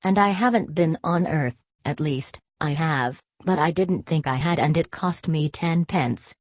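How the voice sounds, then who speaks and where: A woman's voice: deep voice, a little slow, darkish tone, no room sound, studio quality. A woman voicing a polite, earnest little bear who is easily baffled, in a storybook reading.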